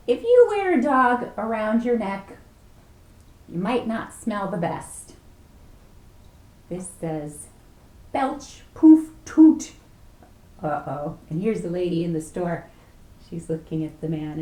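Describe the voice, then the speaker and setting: A woman librarian reading a picture book aloud at a preschool storytime, animated and playful, asking the children questions. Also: fairly low pitch, a little slow. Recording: echoey room.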